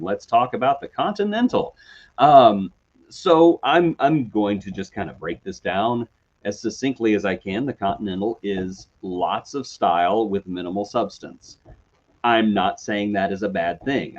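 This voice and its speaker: A man co-hosting a TV review podcast, talking casually in a chatty, animated way and often apologizing. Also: lowish voice, muffled recording. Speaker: podcast co-host.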